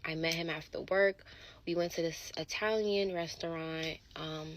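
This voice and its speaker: A woman telling a dating story in casual, animated chat. She curses and acts out what people said. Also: deep voice, measured pace, no room sound, low-quality recording. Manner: animated, swearing, acts out quotes.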